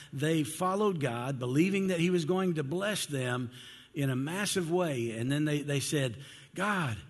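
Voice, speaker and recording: A man preaching a sermon in a conversational way, acting out the complaints of biblical figures. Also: medium pitch. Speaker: pastor. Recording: hall reverb.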